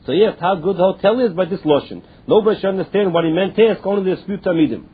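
A man with a fairly high, very husky voice walks through an old text phrase by phrase. He halts and repeats words as he explains, and the recording is thin and phone-like. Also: rapid-fire. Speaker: Talmud teacher. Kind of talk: explaining a text with read-aloud and paraphrase.

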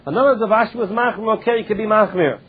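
Over tinny phone-line audio with a little background noise, a man reads lines from the Talmud and translates them into English for his class. His voice is high and quick, and he often restarts his sentences.

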